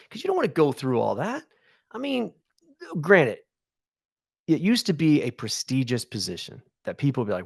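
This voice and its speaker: A man in his thirties chatting bluntly on a podcast. His pitch leaps around a lot as he acts out little quoted asides. The mic is close and dry, with no room sound. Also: big pitch swings, moderate pace, creaky, breathy edge, no room sound. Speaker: podcast co-host. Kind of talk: casual chat.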